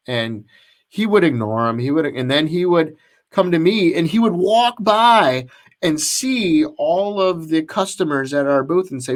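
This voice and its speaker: He's a podcast co-host whose voice sits on the high side, and he takes his time. Chatting casually, he rambles through a long story, stopping to restart and leaning on plenty of fillers.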